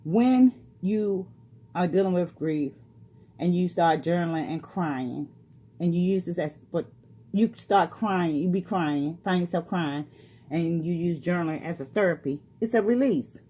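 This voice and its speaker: Mellow and husky, this older woman's lowish voice moves a little slowly. A retired grief coach, she delivers a sincere, personal motivational talk to camera, often repeating phrases for emphasis.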